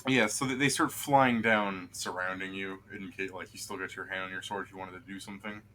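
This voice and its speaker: A man's voice: low voice, fairly even intonation, brisk, background noise. A man as game master narrating a tabletop game on a stream, rambling and laughing, with many fillers.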